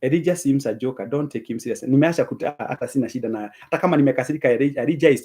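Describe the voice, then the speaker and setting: A man's voice: medium pitch, animated, racing, few pauses, warm tone. A man with a Kenyan accent hosts a live stream and reads out viewers' names and comments, thanking each of them and slipping between English and Swahili. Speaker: livestream host reading viewer comments.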